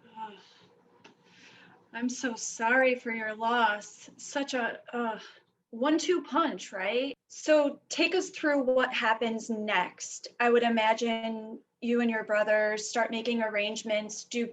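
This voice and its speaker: A woman interviewing a guest, asking gentle, sympathetic questions. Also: a little high, fairly even intonation, slow pace.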